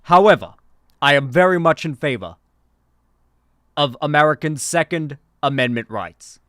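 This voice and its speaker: A man doing an impression of an older male politician, declaiming loudly and hammering each point. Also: a little high, lively intonation, moderate pace, dry recording, clean studio sound. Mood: emphatic.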